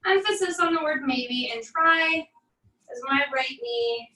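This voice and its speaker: A woman leads a floor stretch in an encouraging, easygoing way, dropping wry asides between cues. Her voice sits high and sounds bright. The recording is echoey and heard from a distance off-mic. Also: a little slow. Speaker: fitness instructor. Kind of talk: guided barre cool-down instruction.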